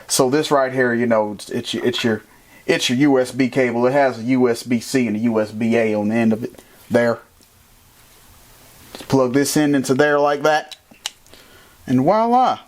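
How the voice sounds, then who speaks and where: A man casually reviewing and setting up a microphone in a playful, animated, jokey way. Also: mid-range voice, normal speed, long pauses. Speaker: tech reviewer. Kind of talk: casual product review vlog.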